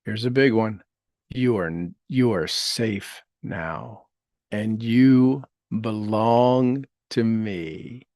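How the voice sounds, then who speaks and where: Slow, gentle man guiding a meditation. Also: on the low side, no echo, studio quality. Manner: slow, gentle, repeats each affirmation in trailing soft phrases. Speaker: meditation leader. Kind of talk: guided meditation with spoken affirmations.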